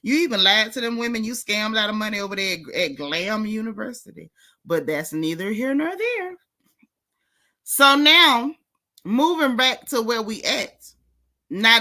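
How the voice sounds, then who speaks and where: Sassy woman host dishing celebrity gossip straight to camera, sharp bright voice. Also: a little high, lively intonation, normal speed. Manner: sassy, teasing, talks straight to viewers; slangy casual speech. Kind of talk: casual celebrity gossip commentary.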